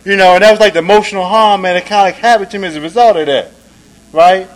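A man talks fast while sharing at a recovery meeting, keeping it casual with "man," "right?" and "you dig?" tacked onto his lines. He goes soft and low, then loud and emphatic, on a rough recording.

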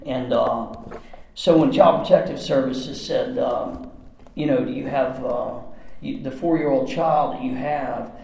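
A man telling a candid personal story in rough, profane, run-on bursts. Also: mid-range voice, a little slow, darkish tone. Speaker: storyteller recounting his past. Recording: very echoey room.

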